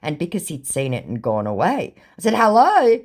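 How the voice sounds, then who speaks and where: Wry woman with a lively sing-song voice. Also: very deep voice, a little fast, husky. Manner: wry, mocking, animated when quoting. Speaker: vlogger reading scam chats aloud. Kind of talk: casual storytelling with dry sarcasm.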